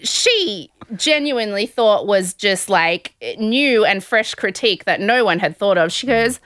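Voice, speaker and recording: A woman podcast host recapping a reality show in animated casual chat, laughing often. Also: medium pitch, measured pace, few pauses, no echo.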